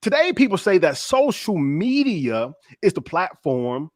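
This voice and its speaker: A man hosting a casual roundtable chat, playful and quick to laugh. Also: high-pitched, very animated, no echo, studio quality. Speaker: podcast host.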